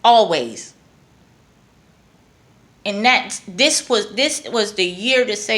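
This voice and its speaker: A woman's voice: mid-range voice, expressive, slow pace, fairly bright tone. A woman from New York with a New York accent, giving a blunt, emphatic political rant to her viewers and repeating lines for emphasis. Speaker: vlogger.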